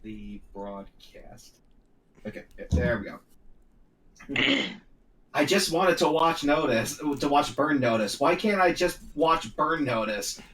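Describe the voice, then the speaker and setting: A man's voice: fairly high pitch, expressive, fairly bright tone. Stumbling man reading in an echoey room. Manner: stumbling, halting reading with restarts. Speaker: talk show host reading a story aloud. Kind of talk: casual group chat, reading aloud. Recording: roomy echo, distant mic, faint noise.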